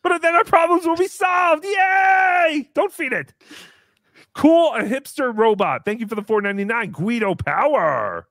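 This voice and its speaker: During a livestream comedy bit, a man hosts in a full character voice as a brash, boastful figure who refers to himself in the third person. His excitable delivery sits high with big pitch swings at normal speed, creaky and shouted, recorded dry at studio quality.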